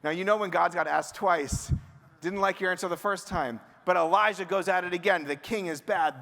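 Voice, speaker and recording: High-voiced rabbi preaching in a hall. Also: male voice, fairly quick, gravelly. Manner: animated, conversational preaching with rhetorical questions. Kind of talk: sermon. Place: large sanctuary. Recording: long hall reverb.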